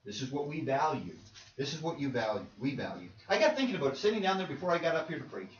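Brief: high-voiced male preacher, chatty sermon, heard from afar in an echoey church. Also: very animated, fast talker, slight background noise. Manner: conversational preaching with rhetorical questions. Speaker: pastor. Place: church sanctuary. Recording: roomy, distant, dull church recording.

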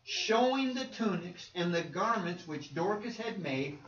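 A man preaches a sermon with emphatic delivery, repeating words and acting out the quotes he cites. His voice is high-pitched, animated and a bit bright, at a measured pace. The recording sounds roomy, distant and dull, with faint noise.

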